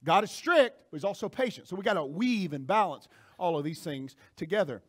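A man preaching a sermon in a high, lively voice that climbs and drops all over. He moves from near-quiet asides to sudden shouted lines, speaking straight to the congregation. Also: brisk. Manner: animated preaching, swings from soft asides to shouting. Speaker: pastor.

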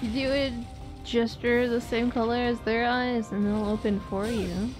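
Slow-talking, giggly woman streamer. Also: fairly high pitch, steady tone, over music. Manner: giggly, rambling storytelling with frequent laughs. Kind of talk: casual gameplay chat.

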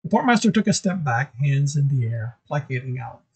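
A man's voice: medium pitch, sing-song, a little fast, a little mellow, husky, low-quality recording. A man reading a chapter of his own novel aloud, casual, with occasional stumbles.

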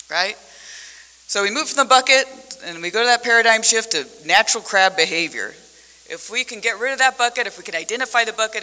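Woman panelist, conference talk, bright voice, lively storyteller. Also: lowish voice, a little hiss or hum. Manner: animated storytelling with vivid metaphors. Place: conference hall. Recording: echoey conference hall.

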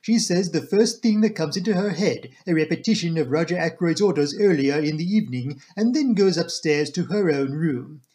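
A man's voice: on the high side, expressive, normal speed, few pauses, warm tone, lightly acted. A man voicing a shrewd, fussy older Belgian male detective who talks precisely and drops in French phrases. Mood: explaining.

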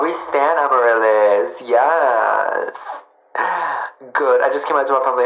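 A man livestreams from home on his phone, reading comments and greeting viewers by name in a playful, chatty manner. His voice is medium in pitch, moderately paced, and fairly bright, and the recording has a roomy echo.

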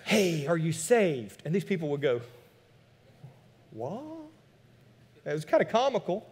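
Male pastor, high voice, animated sermon delivery with rhetorical questions, long church reverb. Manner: animated, rhetorical questions, shifts between loud emphasis and quiet asides. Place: church sanctuary.

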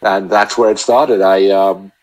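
A man chatting as a podcast guest, telling long, halting anecdotes full of restarts. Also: low voice, fairly even intonation, low-quality recording. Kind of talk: casual storytelling chat.

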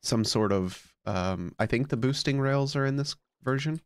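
A man's voice: medium pitch, moderate pace, clear, resonant tone, no room sound. A man commenting casually on his game as a let's play host, sleepy and just woken up, musing aloud with plenty of fillers.

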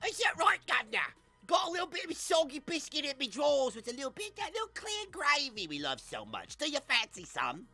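A man's voice: very high-pitched, wildly swooping pitch, a little fast, sharp tone, soft background music, pitched above the performer's own voice, exaggerated voice. A man voicing a lewd, teasing English gent in an exaggerated put-on British accent. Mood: leering. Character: leering male English cockney-style gent.

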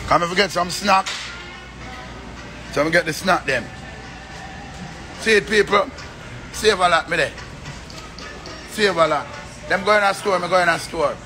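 A man's voice: high-pitched, unhurried, pauses often, bright, forceful tone, soft background music. A man with a Jamaican accent, rambling and swearing in a casual rant to his viewers. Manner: rambling, repetitive, swears often.

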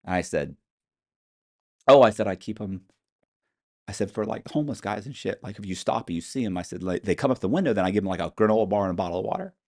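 A middle-aged man, an interview guest, telling stories in a casual, animated way, acting out what people said and swearing now and then. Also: fairly low pitch, fast. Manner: animated storyteller, acts out quotes, curses casually. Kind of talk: casual storytelling.

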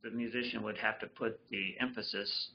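A man's voice: on the low side, little pitch movement, moderate pace, vocal fry, slight background noise. A man teaching a fiddle lesson over a livestream, explaining loosely with many restarts and fillers. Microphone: computer mic on a video call. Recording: dull lo-fi livestream audio with fiddle. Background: fiddle playing.

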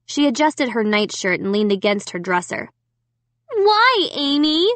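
A woman's voice: medium pitch, lively intonation, normal speed, no echo, close to an everyday voice. A woman voicing an angry little sister who screams and demands answers. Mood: demanding.

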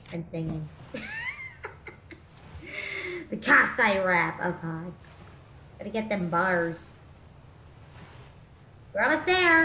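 Bright, lively VTuber woman chatting while gaming. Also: a little high, roomy sound, a little hiss or hum. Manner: chatty, goofy, swears and jokes to herself. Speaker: VTuber streamer. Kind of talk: gameplay commentary.

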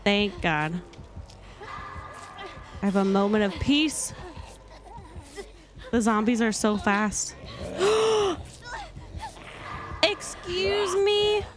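A young woman streaming a game, chatting casually with her viewers, excitable and dramatic, laughing often. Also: medium pitch, takes it slowly, long pauses. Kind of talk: casual gameplay commentary.

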